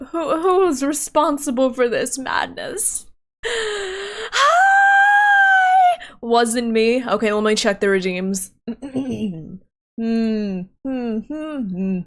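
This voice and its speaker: A woman streamer chatting casually on a live stream into her microphone, giggly and flustered, often laughing and cutting herself off. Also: a little high. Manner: giggly and flustered, frequent laughs and self-interruptions. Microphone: desk microphone.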